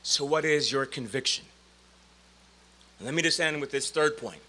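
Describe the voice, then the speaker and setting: A man in his forties delivers a commencement speech with a bright, forceful voice set fairly high. He tells stories with big dramatic swings, dropping to a hush and then calling out loud. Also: normal speed. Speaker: commencement speaker.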